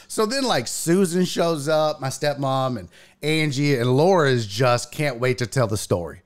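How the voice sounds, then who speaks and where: A man hosting a podcast, telling a story in casual chat, profane and animated. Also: unhurried. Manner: animated, profane, acts out quotes in a loud high voice. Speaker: podcast host.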